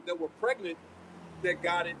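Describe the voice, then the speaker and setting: High-voiced man, fired-up and preachy. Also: moderate pace. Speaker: host of a live street broadcast. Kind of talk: live-stream discussion. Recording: outdoor mic with faint street noise.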